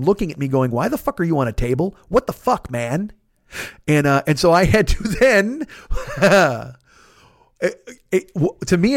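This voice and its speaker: Fast-talking profane man telling a story. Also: sits high, no echo, clean studio sound. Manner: profane, rambling, animated storytelling. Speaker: podcast host. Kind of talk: casual storytelling monologue.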